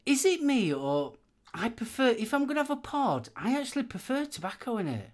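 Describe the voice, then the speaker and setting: A woman co-hosting a casual live stream, greeting the chat with bubbly, animated banter. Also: fairly high pitch, brisk. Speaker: co-host.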